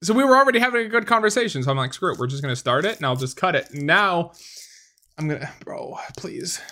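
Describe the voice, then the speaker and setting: A man chatting casually about a game with a friend, talking fast and stumbling over his words, quick to laugh at himself. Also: sits high, lively intonation, pushed and bright. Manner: quick, stammering, self-mocking. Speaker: co-host recording a gaming chat. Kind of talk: casual chat.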